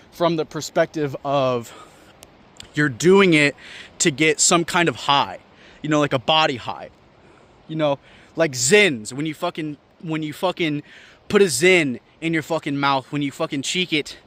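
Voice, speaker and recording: A young man with a slightly high voice vlogs in a casual comedic rant. He swears often and sounds incredulous and animated. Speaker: vlogger.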